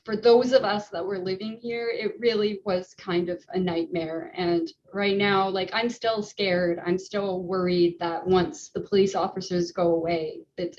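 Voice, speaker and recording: A woman, a resident, giving an emotional personal testimony on a remote call, halting and shaky, with nervous laughs. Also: fairly low pitch, a little mellow, lo-fi sound, slight background noise. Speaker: resident sharing her story.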